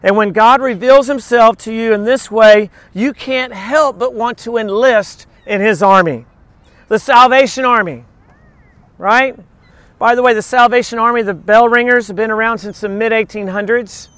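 A man's voice: very high-pitched, moderate pace, fairly bright tone, no echo. A man preaching a sermon in an earnest, emphatic way, quoting scripture.

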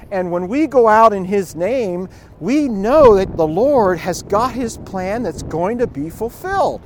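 A man's voice: sits high, noisy background. A middle-aged man giving an informal, conversational sermon with storytelling asides and chuckles, recorded outdoors. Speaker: preacher.

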